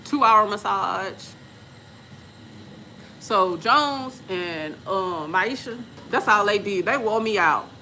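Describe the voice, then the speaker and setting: Woman, 40s, vlogger; slangy storyteller, lively swooping pitch. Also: slow pace, slight background noise. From Texas. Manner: animated, laughs often, slangy. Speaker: vlogger and respiratory therapist. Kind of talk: casual storytelling chat.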